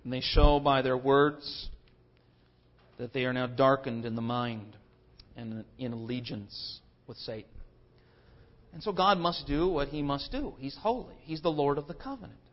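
A man's voice: medium pitch, a little slow, dull audio. A man preaching a sermon in an emphatic, dramatic way. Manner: emphatic and dramatic, acting out quotes.

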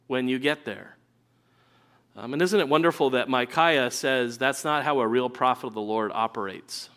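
A man's voice: medium pitch, normal speed, fairly bright tone, clean tone. Conversational male preacher. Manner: conversational, with acted-out quotes of biblical figures. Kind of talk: sermon.

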